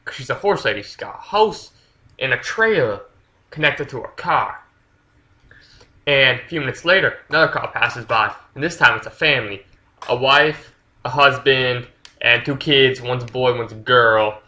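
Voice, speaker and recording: Young-sounding guy, very bright, edgy voice, loose rambling plot recap full of fillers and swearing. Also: medium pitch, moderate pace, low-quality recording. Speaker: book reviewer. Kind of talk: casual plot retelling.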